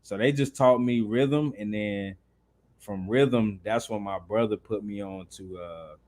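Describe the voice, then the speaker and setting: A man from North Carolina with a Southern accent, a dancer guest chatting casually in an interview and telling animated, slangy stories. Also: lowish voice, measured pace.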